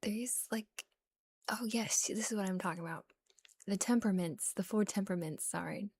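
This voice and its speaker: A woman streamer softly whispering and rambling with giggles in a relaxed ASMR chat, close to the microphone. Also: mid-range voice, normal speed, breathy edge, no room sound.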